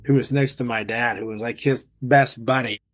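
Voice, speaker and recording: A man's voice: medium pitch, fairly even intonation, normal speed, soft background music, low-quality recording. A man recounting his father's story in a casual, emotional way as an interviewee. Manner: emotional, retelling intensely. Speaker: interviewee, son of the subject.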